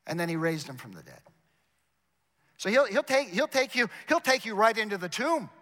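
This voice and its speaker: High bright-voiced preacher in a hall. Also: male voice, very animated, moderate pace. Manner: emphatic, repeats words, addresses the congregation directly. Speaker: chapel preacher. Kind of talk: sermon. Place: university chapel. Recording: long reverb of a large chapel.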